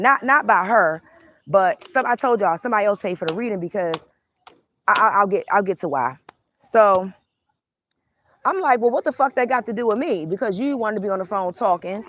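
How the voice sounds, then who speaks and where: A woman's voice: medium pitch, a little hiss or hum. A young adult woman, a tarot reader, telling a casual storytime rant, heated and profane, acting out both sides of an argument.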